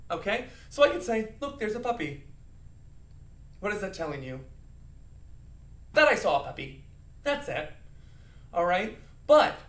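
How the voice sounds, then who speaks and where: This man's high, somewhat bright voice comes through a distant mic as he leads young kids in an acting lesson, acting out emotions in a playful way and counting with them. The space echoes, and he sounds a bit off-mic.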